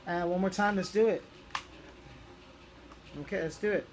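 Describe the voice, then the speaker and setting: A man's voice: sits high, fairly even intonation, moderate pace, a little hiss or hum. A young man chatting casually through a toy review, rambling with lots of ums and restarts.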